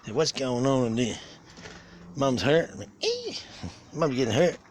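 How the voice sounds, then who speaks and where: A man's voice: mid-range voice, normal speed, darkish tone. A man filming his birds on a phone in an outdoor aviary, joking crudely and talking straight to them. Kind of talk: casual profane vlog. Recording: noisy with birdsong.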